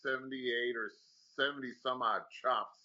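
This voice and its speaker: A man's voice: mid-range voice, steady tone, normal speed, bright, forceful tone. A man hosting a podcast, laughing often and asking loose, rambling questions in casual chat. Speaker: podcast host. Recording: dull lo-fi podcast audio.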